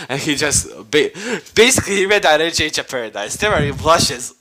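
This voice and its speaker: A man's voice: on the high side, expressive, fairly quick, few pauses, pushed and bright, rough recording. A man casually retelling a fan-made story, rambling, cursing and full of slang and fillers.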